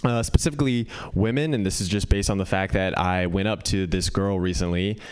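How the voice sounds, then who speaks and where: Very low, smooth-voiced deadpan comic. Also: male voice, brisk. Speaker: stand-up comedian. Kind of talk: stand-up one-liners.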